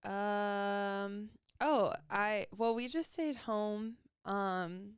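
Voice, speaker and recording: A young woman co-hosting a podcast, chatting in a relaxed way and laughing often. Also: mid-range voice, extremely slow, smooth, dry recording, clean studio sound. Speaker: podcast co-host. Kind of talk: casual chat.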